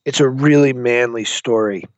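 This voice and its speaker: A former military commander, guesting in an interview, tells stories animatedly and acts out quotes. His mid-range voice moves at a moderate pace, and the dry recording has a dull lo-fi sound.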